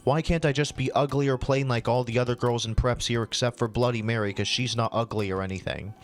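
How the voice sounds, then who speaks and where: A melodramatic, self-pitying teenage goth girl, as a man reads her lines aloud. The lines come out fast and flat, in a middle-pitched voice. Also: faint music behind, lightly acted. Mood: whiny.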